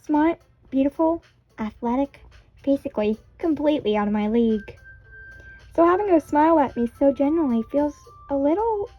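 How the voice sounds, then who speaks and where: A woman's voice: sits high, expressive, normal speed, narrow, tinny audio, faint music behind. A young woman reading a visual novel aloud, chatting between the lines with self-conscious, giggly asides. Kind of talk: casual let's-play narration with character voices.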